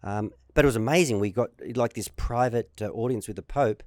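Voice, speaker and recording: A man's voice: mid-range voice, a little fast, dry recording, clean studio sound. An Australian man in his fifties, a former tennis player, telling stories as a guest in casual chat, acting out what people said. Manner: lively storyteller, acts out quotes.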